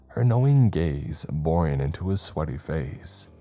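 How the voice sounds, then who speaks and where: Very deep male narrator, mellow dark tone, measured scripted horror reading, faint music. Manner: measured, dramatic first-person reading.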